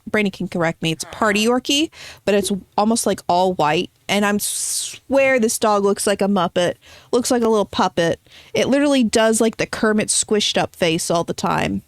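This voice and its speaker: A woman live-streaming a game, talking to her chat in a loose, chatty way. She jokes, teases viewers and rambles on between moves, at a middle pitch for a woman. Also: lively intonation, moderate pace, dry recording, clean studio sound. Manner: chatty, playful, teasing chat and reading out messages.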